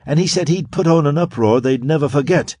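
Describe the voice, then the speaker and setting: A man voicing an eager young woman agent in an audiobook, brisk and reporting. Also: fairly high pitch, mellow, dry recording, studio quality, voice pushed up, close to an everyday voice.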